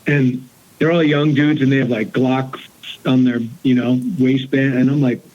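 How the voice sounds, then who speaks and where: A man's voice: medium pitch, normal speed, muffled recording. A man telling a story on a casual podcast, cursing freely and acting out what other people said. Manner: profane, animated, acts out other people's lines. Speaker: call-in guest.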